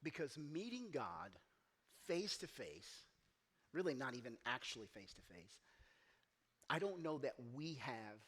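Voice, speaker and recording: At a church, a man preaches as pastor in a medium-pitched voice with a breathy edge, speaking a little slowly and pausing often. He's animated in telling a story, acting out its voices and getting loud and emphatic.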